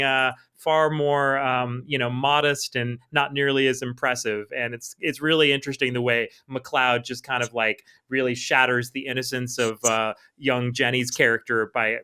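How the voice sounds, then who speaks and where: A man's voice: medium pitch, little pitch movement, moderate pace, few pauses, bright, forceful tone, clear, resonant tone. A man co-hosting a podcast, recapping a comic in a rambling, enthusiastic way. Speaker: podcast co-host. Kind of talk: casual comics discussion.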